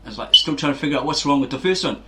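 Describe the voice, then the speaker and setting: A man's voice: medium pitch, expressive, rapid-fire, fairly bright tone, slight background noise. A man hosting a fitness channel, telling rambling anecdotes in a casual motivational monologue, often checking in with "right?". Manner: anecdotal, chatty, keeps tagging with "right?".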